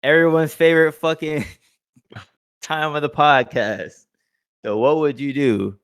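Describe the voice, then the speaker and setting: A young man hosting a segment on a casual podcast, profane and laughing often, breaking into loud acted quotes. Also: fairly high pitch, fairly even intonation, measured pace, clear, resonant tone, dry recording, clean studio sound. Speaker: podcast co-host. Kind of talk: casual chat.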